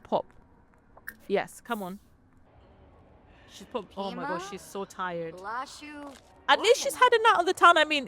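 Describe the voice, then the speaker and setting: A woman's voice: medium pitch, fairly bright tone, slight background noise. A woman giving casual let's-play commentary, chatty and exclaiming, talking to the game characters while game music plays. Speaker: gameplay commentator.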